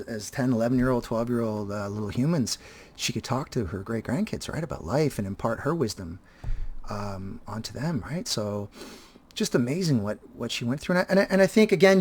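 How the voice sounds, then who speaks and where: A man in his fifties with a husky, slightly breathy voice speaks casually and reflectively to his video audience. He halts often, restarting sentences and repeating words as he gathers his thoughts. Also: medium pitch. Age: 50s. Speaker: vlogger and teacher. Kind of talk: reflective casual talk to viewers.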